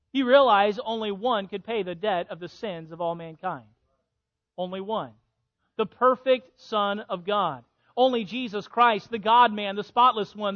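A pastor from Illinois preaching a sermon, swinging between hushed passages and loud, emphatic ones. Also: male voice, high-pitched, lo-fi sound. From Illinois, USA.

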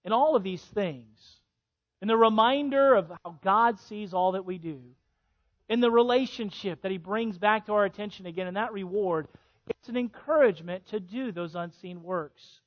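High-voiced preaching man, lo-fi sound. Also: normal speed. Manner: preaching with rising emphasis and soft drops. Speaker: pastor. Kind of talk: sermon. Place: church sanctuary.

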